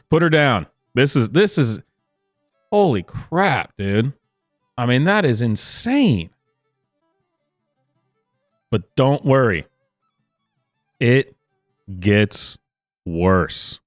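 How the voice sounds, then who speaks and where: A man's voice: mid-range voice, big pitch swings, very slow, pauses often, no echo, clean studio sound, soft background music. A man hosting a reaction commentary, incredulous and sarcastic, with frequent exclamations. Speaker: commentary host.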